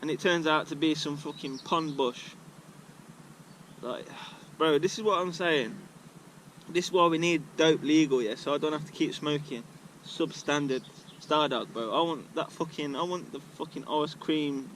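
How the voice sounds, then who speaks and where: A man's voice: a little high, moderate pace, fairly bright tone, slight background noise, poor audio. A man talking to camera outdoors, rambling in a casual, slangy, heavily sweary way. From England. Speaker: vlogger. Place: outdoors at a regular filming spot.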